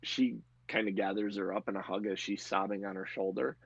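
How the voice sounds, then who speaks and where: Gravelly low-voiced male game master. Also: fairly even intonation, fairly quick, no room sound, muffled recording. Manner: filler-heavy, laughs often. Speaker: game master and podcast host. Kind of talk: narrating a tabletop game.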